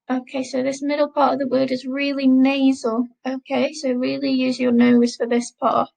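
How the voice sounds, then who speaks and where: A woman teaching a recorded French lesson, modelling words slowly and repeating them for learners to copy. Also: sits high, level tone, vocal fry, darkish tone, low-quality recording. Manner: slow, careful pronunciation drills, repeating words.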